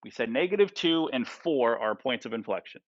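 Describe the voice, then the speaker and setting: A man's voice: medium pitch, animated, normal speed, dull audio. A male math teacher lecturing a class. He asks the students lots of questions and keeps checking in with "right?" and "okay?".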